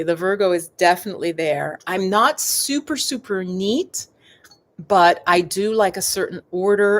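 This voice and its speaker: A middle-aged woman with a slightly low voice talks casually on a live stream. She is chatty and digressive and keeps turning to her viewers. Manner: chatty and digressive, addressing viewers as "you guys". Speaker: yoga and meditation host.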